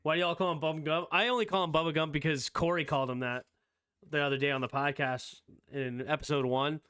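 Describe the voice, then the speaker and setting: Excitable man reacting to sports news. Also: on the high side, clear, resonant tone. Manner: excitable, quick opinionated reactions. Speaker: streamer host. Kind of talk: casual live sports reaction chat.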